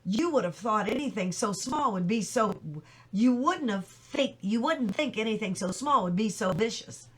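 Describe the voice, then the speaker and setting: Woman reading as a worried farm mom, sharp and anxious, quick to scold. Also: fairly high pitch, expressive, breathy edge, low-quality recording.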